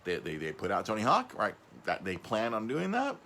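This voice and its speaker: A man hosting a casual podcast, rambling, stumbling over and repeating his words, his voice jumping up when he gets excited. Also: on the low side, a little fast, a little hiss or hum. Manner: excitable, voice jumps up on emphasis. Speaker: podcast host.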